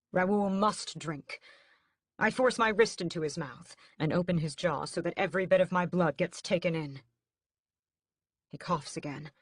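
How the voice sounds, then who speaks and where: Woman audiobook narrator, lowish voice, dry close sound, steady dramatic read. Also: breathy edge, no echo. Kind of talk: first-person audiobook narration.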